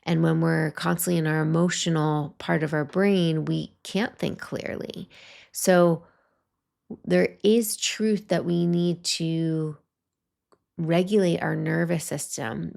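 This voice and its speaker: A woman hosting a solo podcast, talking through a reflective monologue in a slow, soothing, gently guiding way. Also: fairly low pitch, gravelly. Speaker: podcast host.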